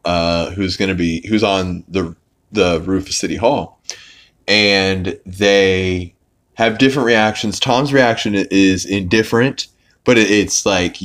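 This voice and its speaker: A man with a fairly low voice talks through a cartoon episode in loose, casual podcast chat. He rambles, leans hard on filler words and throws in the odd curse. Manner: rambling, full of "like" fillers, swearing. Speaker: podcast host.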